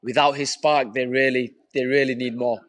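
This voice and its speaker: A man talks about a defeat in a flat, downbeat voice with little rise and fall. The sound is close and dry. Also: mid-range voice, normal speed, dry recording. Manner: subdued, disappointed. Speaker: football fan guest.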